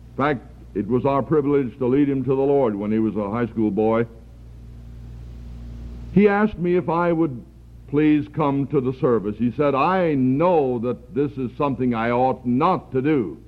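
Slow earnest preacher on a tinny recording. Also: male voice, mid-range voice. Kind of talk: sermon. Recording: tinny phone-like archival recording.

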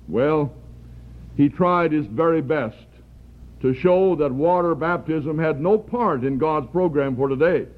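A man preaching a sermon, earnest and deliberate, lifting his voice for emphasis. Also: fairly high pitch. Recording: tinny phone-like archival recording.

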